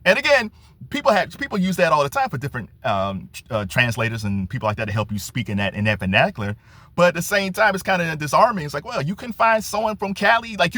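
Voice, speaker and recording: A man's voice: high voice, fast, dry recording. A young man talking through his opinions in casual commentary, laughing often and restarting his sentences. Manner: animated, laughs often, repeats words and restarts. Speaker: commentary channel host.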